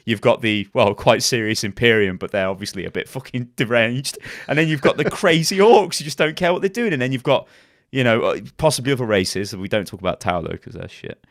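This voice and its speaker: A man's voice: medium pitch, brisk, dry recording, studio quality. A man co-hosting a casual gaming podcast, talking animatedly and laughing often. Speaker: podcast co-host.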